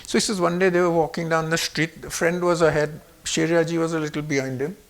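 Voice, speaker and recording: A man in his seventies, originally from Pakistan, recounting personal memories in an animated way, changing his pitch and volume to act out what other people said. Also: quick pace. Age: 70s. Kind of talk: personal storytelling.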